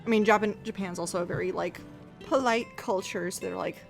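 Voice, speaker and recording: A woman streamer talks through her game in a loose, rambling way, swearing freely and turning animated when she mimics other people. Her voice sits at a middling pitch for a woman. Game music plays faintly behind her. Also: a little fast, vocal fry. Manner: rambling, profane, animated, acts out quoted voices. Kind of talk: casual live-stream chat while playing.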